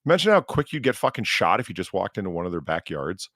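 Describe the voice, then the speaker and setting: Man, low voice, lively swings, profane opinionated co-host, dry close recording. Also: quick pace, dry recording. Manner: animated, profane ranting. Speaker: podcast co-host. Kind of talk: casual live-stream chat.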